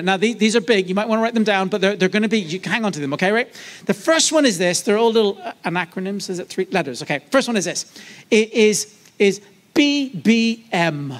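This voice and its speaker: A man preaching to a church congregation in a lively, conversational way, joking and asking the audience questions. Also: high-pitched, fairly quick. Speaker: guest preacher. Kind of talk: sermon. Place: church service.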